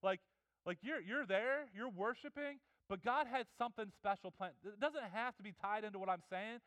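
High-voiced man preaching a sermon. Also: normal speed, a bit bright, no room sound. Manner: earnest, conversational preaching with many restarts. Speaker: pastor.

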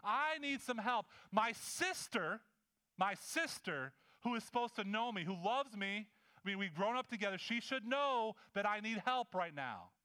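A man's voice: sits high, big pitch swings, a little slow, long pauses, sharp tone, heavily acted. A man preacher voicing an overworked, frustrated woman hostess in a dramatized sermon scene, complaining and pleading.

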